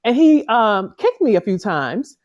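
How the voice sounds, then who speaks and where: A woman's voice: on the high side, sing-song, measured pace, darkish tone, dry recording, muffled recording. A middle-aged woman co-hosting a casual talk show, telling a story hesitantly with many fillers. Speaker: podcast co-host. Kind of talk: casual chat.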